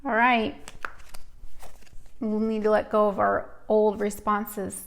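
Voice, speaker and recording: A woman's voice: mid-range voice, flat delivery, slow, vocal fry. A woman hosting a live stream, giving a chatty, emotional card reading, teary and sniffly. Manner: emotional, tearful and laughing, chatty.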